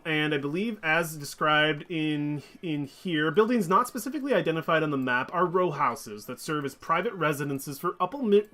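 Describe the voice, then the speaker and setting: A man's voice: fairly high pitch, sharp tone. A man running a tabletop game as dungeon master, chatty and upbeat, with many ums and restarts.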